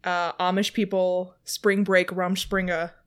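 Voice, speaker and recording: A woman's voice: lowish voice, flat delivery, unhurried, clean tone. A woman co-hosting a tabletop gaming podcast with dry, teasing humor in casual banter. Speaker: podcast co-host.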